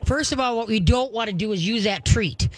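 A woman's voice: on the high side, brisk. A woman hosting a call-in radio show, giving dog training advice in a folksy, emphatic way with frequent laughs.

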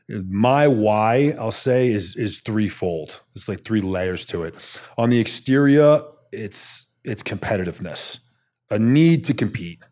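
A man in his thirties, a soldier being interviewed, telling stories bluntly and acting out the quotes. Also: fairly low pitch. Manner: animated storyteller who acts out quotes, blunt and salty. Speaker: podcast guest, Army special forces soldier. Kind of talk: storytelling in a casual interview.

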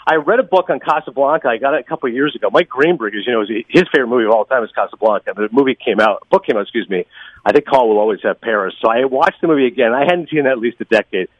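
A man talking about films on a podcast, fast and enthusiastic, with lots of opinions. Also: medium pitch, no room sound, highs cut off. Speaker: podcast guest, film critic. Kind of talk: casual podcast chat.

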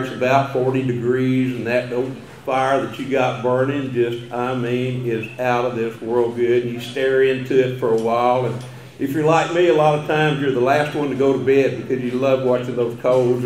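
A man's voice: mid-range voice, a little mellow. An older man with a Texan accent, giving a humorous after-dinner speech with folksy, chuckling storytelling. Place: banquet hall. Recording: echoey banquet hall.

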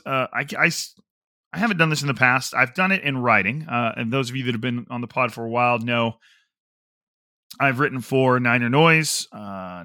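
A man hosting a football podcast in a quick, chatty way, wandering off on tangents with ums and restarts. His voice is bright and forward. The recording is dry, with no room sound. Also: mid-range voice, dry recording. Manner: quick, chatty, digressive with fillers. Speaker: podcast host. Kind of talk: casual sports podcast talk.

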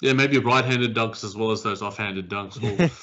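A man's voice: on the low side, moderate pace, bright, forceful tone, dull audio. A man co-hosting a casual basketball podcast, rambling with frequent restarts. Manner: rambling, many restarts and fillers. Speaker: podcast co-host. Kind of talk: casual sports chat.

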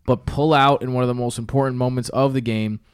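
Smooth-voiced man in casual sports banter. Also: medium pitch, fairly even intonation, fast, no echo, studio quality. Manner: jokey, does mock accents, rambling with fillers. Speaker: podcast co-host.

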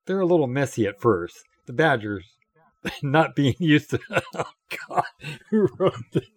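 A man's voice: a little high, sing-song, unhurried, dry recording. A man co-hosting a podcast, reading gaming news aloud and often laughing through it. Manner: giggly, laughs through lines. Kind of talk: casual news read.

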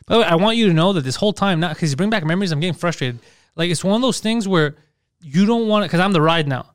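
A man telling a party story in casual chat, profane and animated, acting out other people's lines. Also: high voice, fast talker, no echo, studio quality.

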